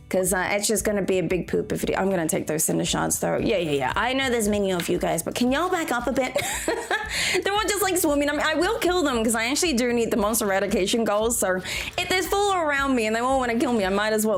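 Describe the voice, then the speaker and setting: A woman from Australia with a somewhat high voice gives casual gameplay commentary. She chats easily with her viewers and breaks into frequent giggles between moves. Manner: chatty, giggly, talks to chat while playing. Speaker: game streamer.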